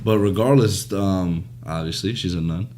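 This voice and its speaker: A man's voice: deep voice, normal speed, darkish tone, a little hiss or hum. A young man guesting on a casual podcast, easygoing and chiming in briefly. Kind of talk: casual chat.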